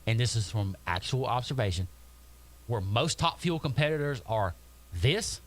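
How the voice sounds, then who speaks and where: A man with a very lively, swooping intonation co-hosts a racing talk show. He jokes and tells animated stories in a casual, chatty way. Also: mid-range voice, moderate pace. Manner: lively, joking, animated storytelling. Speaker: co-host. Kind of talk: casual chat.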